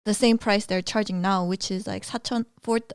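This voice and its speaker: A woman from Korea co-hosting a podcast, talking quickly and casually with lots of "like" fillers. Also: mid-range voice, fairly even intonation, clean tone, no room sound, clean studio sound. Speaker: podcast co-host. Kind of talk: casual chat.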